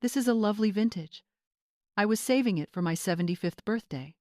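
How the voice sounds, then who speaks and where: A cool, commanding woman in her seventies, as a woman storyteller puts her on, calm and clipped, never raising her voice. The voice sits mid-pitched and dry, with no room around it. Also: brisk, no room sound, lightly acted. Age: 70s. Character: older woman, commanding retired homeowner.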